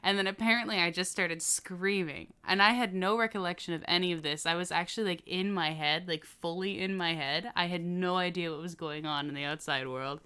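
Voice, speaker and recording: A woman's voice: fairly low pitch, steady tone, fairly quick, hardly any pauses, sharp tone, smooth. A woman telling a story on a casual podcast, laughing often as she goes. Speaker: podcast co-host.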